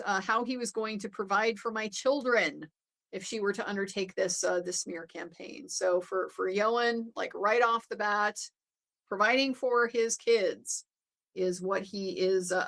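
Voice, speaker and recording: A woman's voice: medium pitch, gravelly, fairly bright tone. Conversational woman recapping a trial. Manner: conversational, many fillers and restarts. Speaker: legal commentator. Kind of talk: casual recap commentary.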